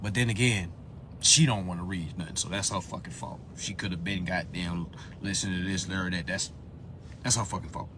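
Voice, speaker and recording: A man hosting a live phone stream in a profane rant, dropping to low muttering and then bursting into loud, high-pitched shouts. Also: steady tone, brisk, background noise. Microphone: phone on a social live stream.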